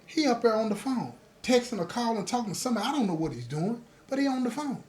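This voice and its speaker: High-voiced man telling a story. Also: fast talker. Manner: talks straight to listeners, keeps checking they follow; lively, acts out the others in his story. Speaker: host telling his own prison stories. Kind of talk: casual spoken storytelling.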